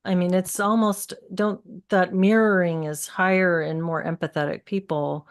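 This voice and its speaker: Low-voiced woman hosting a chat. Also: steady tone, clean tone. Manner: halting, thinks aloud with restarts. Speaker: host reading viewer comments. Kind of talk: casual panel chat.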